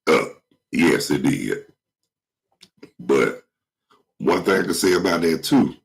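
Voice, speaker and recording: A man with a cold and a hoarse throat, rambling casually to his viewers in slangy, swear-filled talk. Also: a bass voice, sing-song, slow pace, low-quality recording. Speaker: vlog host.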